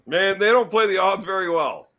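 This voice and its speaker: High-pitched guy, brash and swearing a lot, telling road trip stories casually. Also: expressive, moderate pace, sharp tone. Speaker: arm wrestler. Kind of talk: casual chat.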